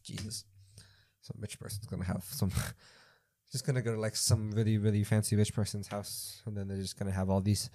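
A young man hosts a podcast, reading odd news stories aloud as casual commentary and reacting with rambling, incredulous asides packed with fillers as he thinks aloud. His voice is lowish and dark in tone, his delivery flat and a little fast, and the recording is dry.

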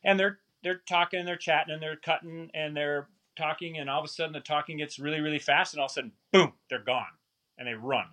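A man telling a long story in a casual, animated, rambling way, often poking fun at himself. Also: on the high side, fast. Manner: animated, rambling, self-mocking.

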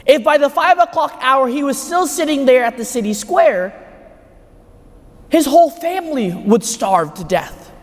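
A man's voice: very high voice, animated, unhurried. A man preaching a homily at Mass, emphatic and full of rhetorical questions. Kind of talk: sermon. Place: large church. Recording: echoey church hall.

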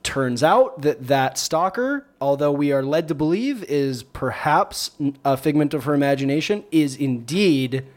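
Male co-host, fairly high voice, sarcastic, playful recapper. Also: expressive, measured pace, hardly any pauses, darkish tone. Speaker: podcast co-host. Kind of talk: casual movie podcast chat.

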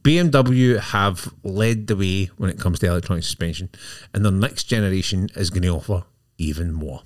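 A man's voice: low voice, brisk, dry recording, studio quality. A man co-hosting a casual motorbike podcast, reading out technical news with jokes in between. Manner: jokey, technical explainer. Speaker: podcast co-host. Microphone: podcast mic.

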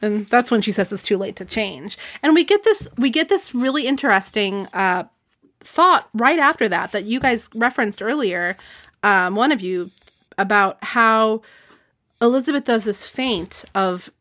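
A woman's voice: fairly high pitch, animated, moderate pace, a bit bright. Chatty woman hosting a book podcast. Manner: chatty, reads passages aloud. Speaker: podcast host. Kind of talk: casual book discussion.

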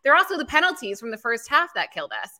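A woman's voice: high-pitched, very animated, bright, forceful tone. A woman on a post-game show panel, venting frustration about play calling. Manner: frustrated, rapid complaints.

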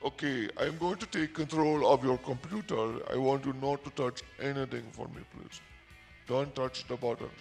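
A man voicing a smooth-talking male scam phone agent who speaks in an overly polite, slow, salesy way. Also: medium pitch, steady tone, faint music behind.

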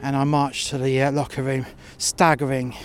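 A man with a mid-range voice and little pitch movement tells a blunt, profanity-laden, angry first-person story about a workplace incident while outdoors in sub-zero cold. He slows down when tired, and a little hiss or hum sits under the recording.

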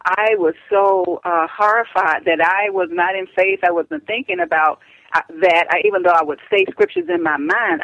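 An older woman calling in as a radio interview guest, speaking earnestly and haltingly with frequent restarts. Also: lowish voice, no echo. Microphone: telephone. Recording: dull, dry phone line.

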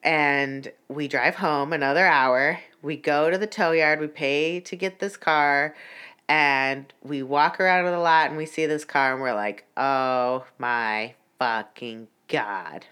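A young woman tells a story straight to camera in a low-pitched voice. She swears freely, fills her talk with "like," and sounds heated as she goes. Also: unhurried, fairly bright tone, clear, resonant tone. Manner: profane, heated, many "like" fillers. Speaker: vlogger. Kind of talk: casual storytelling.

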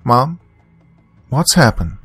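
A shrill, indignant young woman, put on by a male storyteller rises well above his usual deep register. Her voice jumps around with lively swings in pitch. Faint music plays beneath the reading. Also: slow pace, breathy edge, heavily acted. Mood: worried. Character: distressed young adult daughter, woman.

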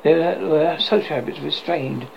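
A man narrating a classic story aloud in a steady reading voice, with occasional small slips. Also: on the high side, measured pace, vocal fry. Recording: slightly dull, faint hiss.

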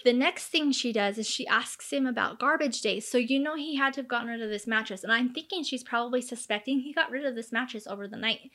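Speaking fast with few pauses, this woman in her thirties has a fairly high, pushed, bright voice. She tells a true crime case in a casual, chatty way, packed with fillers, and performs the quoted lines.

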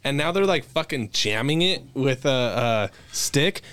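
Male podcast host, smooth clear voice, loose profane joker reading news. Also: medium pitch, animated, unhurried, a bit bright, no room sound. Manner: joking, profane, reads news items aloud. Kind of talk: casual podcast banter.

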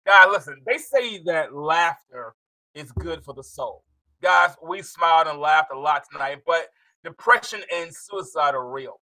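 A man hosting a live interview show, animated and quick to laugh, talking to his audience. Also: a little high, dry recording, low-quality recording. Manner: animated, excitable, laughs often. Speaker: host.

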